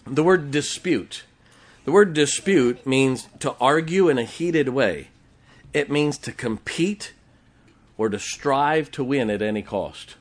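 Lively pastor preaching. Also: male voice, medium pitch, slow pace. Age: middle-aged. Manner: lively preaching with crowd call-and-response and jokes. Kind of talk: sermon.

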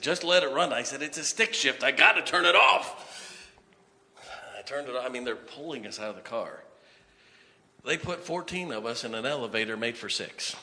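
A man preaching and telling a personal testimony as a lively storyteller who chuckles at his own tale. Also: mid-range voice. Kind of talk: personal story told from the pulpit. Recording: long reverb of a large hall.

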